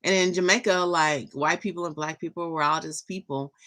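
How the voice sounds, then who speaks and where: A woman's voice: lowish voice, fairly even intonation, fairly quick, a bit bright. A middle-aged woman vlogging in a rambling, chatty and enthusiastic way. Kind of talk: casual chat.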